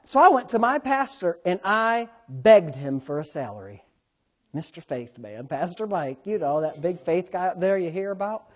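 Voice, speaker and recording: A male pastor in his thirties preaches with a storyteller's energy. He drops to near-murmurs for asides, then jumps up loud and high while acting out the people in his stories. The recording sounds somewhat dull and lo-fi. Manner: storytelling, animated swings from quiet asides to loud, laughing bursts. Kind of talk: sermon.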